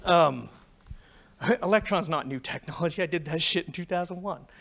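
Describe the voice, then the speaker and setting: This conference speaker, a Canadian man in his forties, has a slightly high voice with vocal fry and a moderate pace. He tells a tech anecdote full of swearing, animated and freely profane.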